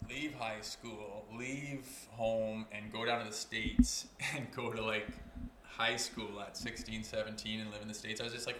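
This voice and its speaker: Ex-athlete guest, lowish voice, swears freely, relaxed storyteller, roomy echo. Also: male voice, a little hiss or hum. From Canada (Olds, Alberta). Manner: loose and profane, swears constantly. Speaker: podcast guest, former hockey player. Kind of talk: casual storytelling chat.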